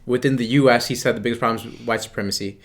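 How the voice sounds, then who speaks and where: Emphatic male co-host, mid pitch. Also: steady tone, rapid-fire. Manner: emphatic, interrupting. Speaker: podcast co-host. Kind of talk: casual political commentary.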